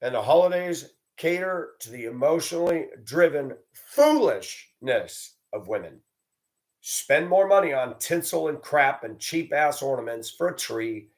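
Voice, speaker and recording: A man's voice: on the high side, very animated, unhurried. Blunt, profane man ranting. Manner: mocks others in a raised voice. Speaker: video host. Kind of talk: ranting monologue.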